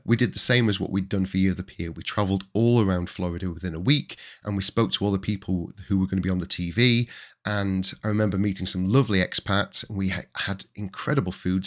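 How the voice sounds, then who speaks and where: A man in his forties with a Yorkshire accent, hosting his own podcast and telling chatty stories from his working life in a casual way. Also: low-pitched. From Yorkshire, England. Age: 40s. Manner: chatty and anecdotal, with bursts of excited emphasis. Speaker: podcast host. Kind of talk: casual storytelling monologue.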